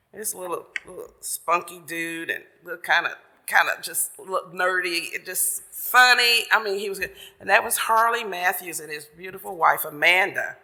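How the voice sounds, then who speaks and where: Speaking in a fairly high voice that's both gravelly and bright, a church member giving the message relates a sermon story in a folksy, chatty style, paraphrasing as he goes. A long church reverb follows his words.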